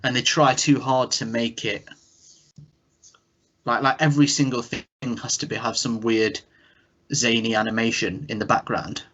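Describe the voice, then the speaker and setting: A man's voice: mid-range voice, steady tone, moderate pace, pauses often, pushed and bright. English podcast guy chatting about cartoons, kinda hedgy and musing, dull lo-fi sound. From England. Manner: musing, self-doubting, hedges his opinions. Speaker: podcast co-host. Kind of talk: casual chat reviewing a cartoon.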